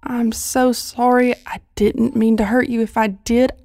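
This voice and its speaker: A woman's voice: on the high side, flat delivery, unhurried, darkish tone, dry recording. An actress playing a weak, remorseful young woman apologizing to her family. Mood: apologetic. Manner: apologetic, pleading. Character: remorseful young woman waking from a magical coma.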